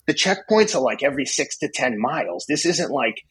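A man in his fifties, a podcast guest, telling a story in a blunt, profane, excitable way. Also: fairly high pitch, a little fast, few pauses, husky, poor audio. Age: 50s. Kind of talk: casual storytelling.

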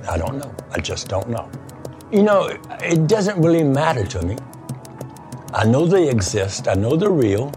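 A man's voice: mid-range voice, big pitch swings, normal speed. An older man telling his own experiences in an earnest, matter-of-fact way, in an interview clip. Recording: played clip with loud music behind.

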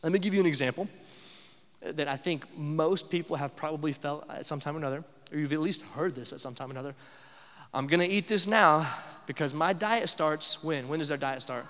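Pastor preaching in an echoing hall. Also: male voice, a little high, steady tone, quick pace. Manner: conversational, with filler uh's and rhetorical questions. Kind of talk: sermon.

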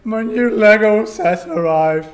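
Giddy teen boy hero, shrill and giggly, voiced by a man. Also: slow. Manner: squealing, high-pitched and giggly. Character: giddy excitable teenage boy superhero.

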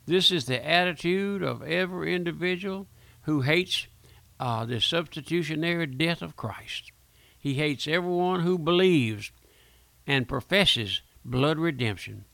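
Fervent gravelly preacher man. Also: fairly high pitch, expressive, unhurried, a bit bright, no echo. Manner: fervent, repetitive pleading preaching. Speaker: radio preacher. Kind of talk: sermon.

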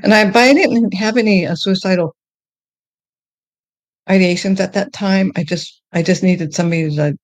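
A woman telling her faith testimony in a podcast conversation, earnest and emotional, often halting and restarting. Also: medium pitch, no echo. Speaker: guest sharing her testimony.

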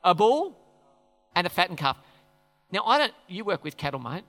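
A pastor with a high-pitched, very animated voice preaches in a church hall at normal speed, his tone pushed and bright. He talks conversationally and puts questions to the congregation, and the hall adds an echoey reverb.

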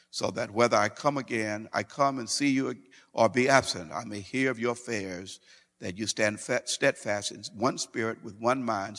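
A man's voice: lowish voice, vocal fry, fairly bright tone, big-room sound. A man preaching a sermon. He reads scripture aloud and explains it, building to fervent preaching.

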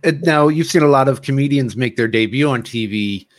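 A man's voice: medium pitch, brisk, no room sound. A man hosting a podcast, asking questions hesitantly with many fillers. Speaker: podcast host. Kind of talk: casual interview questions.

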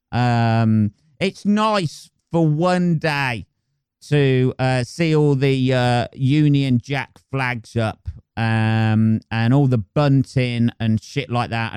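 A man's voice: medium pitch, clear, resonant tone, no echo, studio quality. A young man hosting a podcast, rambling crudely and swearing in a casual comic monologue. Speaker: podcast host. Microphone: close podcast mic.

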